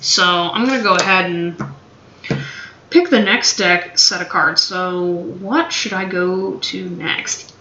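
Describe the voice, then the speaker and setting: A woman's voice: fairly low pitch, steady tone, slow pace, sharp tone, slight background noise. A woman giving a casual tarot reading to camera, blunt and swearing freely, with a playful drawl. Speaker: tarot reader. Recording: dull, echoey room recording.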